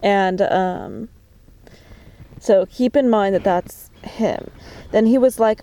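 Talking into her phone camera in a diary-like monologue, a woman sounds agitated and suspicious, cursing often and filling her speech with fillers and halting restarts. Her voice is medium-pitched, expressive and dark in tone.

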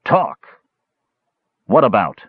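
A man reading an audiobook, voicing a testy, drunken young male dwarf who talks gruffly and curtly, on a dull, muffled recording. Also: medium pitch, sing-song, normal speed, no echo, voice pushed up. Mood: grumpy. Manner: gruff, irritable, curt.

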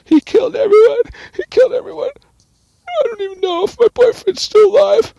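A man's voice: fairly quick, creaky, mellow, dry recording, lo-fi sound. A hysterical sobbing young man. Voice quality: falsetto shrieking with sobs.

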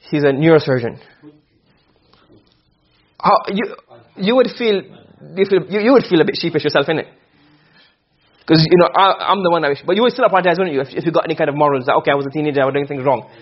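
Male teacher, high voice, husky, quick lecture, dull lo-fi recording. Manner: quizzes the class with rapid questions, repeats himself. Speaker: Arabic rhetoric teacher. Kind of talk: classroom lecture.

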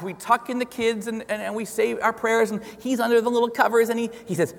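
A man giving a lively storytelling testimony as a guest speaker in a church, chuckling as he talks. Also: high-pitched, a little fast, creaky, hardly any pauses, noisy background. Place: church sanctuary. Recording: long reverb of a large hall.

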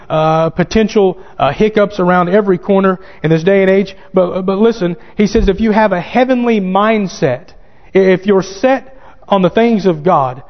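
A male pastor preaching a sermon, building to emphatic calls and reading scripture aloud. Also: sits high. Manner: reads scripture aloud in King James wording. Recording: dull sound with long hall reverb.

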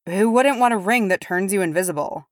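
A woman's voice: mid-range voice, brisk, no room sound, studio quality, voice pushed up, lightly acted. Cheeky dwarf thief, put on by a woman. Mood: flippant. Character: cheeky young male dwarf thief, flippant.

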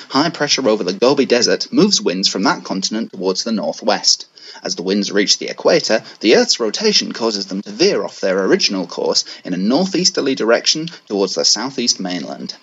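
A man reading an encyclopedia entry aloud in a put-on Mancunian accent, husky and deadpan, on a lo-fi pre-recorded message. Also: on the low side, heavily acted. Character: male Mancunian reader, deadpan and mock-earnest.

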